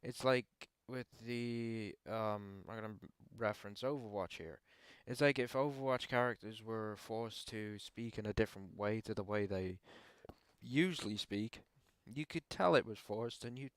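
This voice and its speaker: Hesitant young man, smooth dry voice. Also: fairly low pitch, unhurried, no room sound. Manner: hesitant, frequent ums and restarts. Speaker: channel host answering viewer questions. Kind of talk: casual opinion talk to camera.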